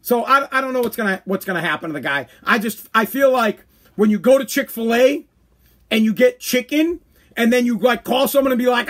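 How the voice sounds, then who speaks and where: A man's voice: extremely high pitch, a little fast, a bit bright. A man hosting his own podcast, ranting bluntly and crudely, with speech and mock voices. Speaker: podcast host. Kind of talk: ranting commentary.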